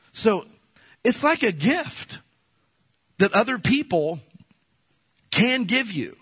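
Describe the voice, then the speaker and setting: A middle-aged man preaching a sermon in church, talking in a conversational way that swings from loud to soft. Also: on the high side, husky. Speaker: pastor.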